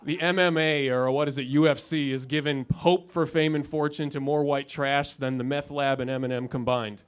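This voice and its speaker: A man's voice: fairly high pitch, fairly even intonation, moderate pace. A man in his thirties doing a stand-up comedy set in a club lounge, with a dry, sardonic delivery and punchlines that build up. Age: 30s.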